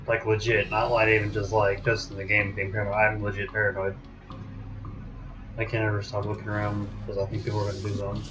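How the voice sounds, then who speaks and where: Quiet-voiced man playing a game. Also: lowish voice, monotone, fast. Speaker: gamer. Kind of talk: casual let's-play commentary.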